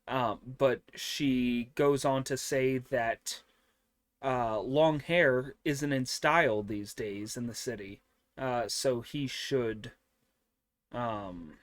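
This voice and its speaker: A man's voice: medium pitch, dry recording. A man hosting an anime review show, recapping an episode in a casual, rambling way with many fillers and offhand swearing.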